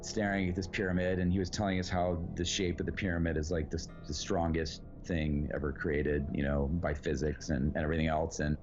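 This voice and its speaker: A man with a very low voice tells a story in a loose, rambling way, full of fillers and casual swearing. The recording sounds dull and a bit lo-fi. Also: level tone, brisk, few pauses, over music. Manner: rambling, lots of "like" and "you know", swears freely. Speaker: actor guest.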